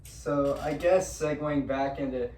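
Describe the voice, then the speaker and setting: A young man co-hosts a podcast in casual chat, leading into questions and adding short remarks. His voice is mid-pitched. He sounds distant from the mic in a roomy space with faint noise behind him. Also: fairly even intonation, unhurried, darkish tone. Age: young adult. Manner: short interjections, chimes in. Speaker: podcast co-host.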